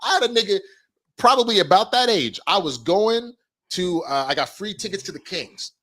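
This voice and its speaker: An American man co-hosts a comedy podcast, telling animated, profane stories full of laughter in casual comedic chat. His voice sits high and moves at a moderate pace.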